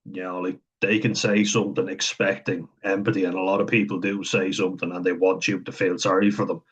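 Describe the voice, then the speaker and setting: In an unscripted monologue about autism, this vlogger's very deep voice comes across husky and a bit breathy, holding a level tone. He works things out as he talks, frequently chuckling, filling gaps with ums, and stopping to think.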